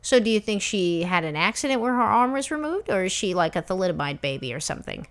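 A woman's voice: medium pitch, very animated, fast, clean tone. A woman co-hosting a comedy podcast, chiming in with dry, teasing remarks and questions. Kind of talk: comedic chat.

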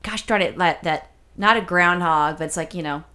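A woman's voice: fairly low pitch, moderate pace, pushed and bright. A woman co-hosting a podcast who rambles and teases, with lots of "you know" and "I mean" fillers. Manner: rambling, teasing, with repeated fillers. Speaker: podcast co-host. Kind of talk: casual podcast chat.

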